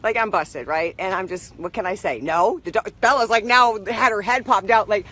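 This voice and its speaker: Chatty, bright-voiced woman storyteller. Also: mid-range voice, lively intonation, brisk. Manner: rambling, chatty, greets viewers mid-story. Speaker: live stream host. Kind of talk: casual storytelling on a live video.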